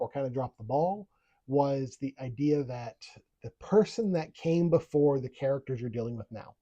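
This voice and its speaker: A man from Appalachia co-hosting a podcast, chatting quickly and stumbling into restarts. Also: medium pitch, warm tone, no echo. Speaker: podcast co-host. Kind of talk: casual chat. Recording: dry, dull lo-fi mic.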